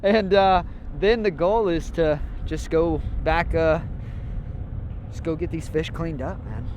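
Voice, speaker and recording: A young man vlogging from a boat at sea, talking casually in an excitable, slangy way. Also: on the high side, slow pace, noisy background. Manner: excitable, slangy, peppered with "like" and "dude". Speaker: fishing vlogger. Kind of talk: casual vlog narration.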